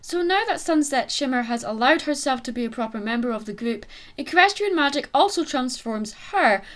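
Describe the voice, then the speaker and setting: A woman's voice: sits high, expressive, moderate pace, fairly bright tone. A young woman hosting a comedic film review, with sarcastic, exasperated asides. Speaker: film reviewer and channel host.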